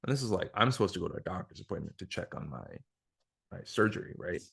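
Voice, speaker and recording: A man's voice: low-pitched, lively intonation, fast talker, gravelly, fairly bright tone, husky. A man hosting a podcast, telling a personal story in a frank, casual way, with lots of swearing and filler words. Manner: frank, profane, filler-heavy retelling. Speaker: podcast host. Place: indoor room with guest. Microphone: single shared microphone.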